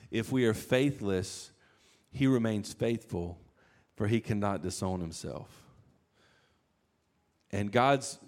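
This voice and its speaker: A man delivering a sermon in an easygoing, conversational style. His voice sits a little low, and he animates the scripture by acting out quoted speech. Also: a little mellow. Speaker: pastor.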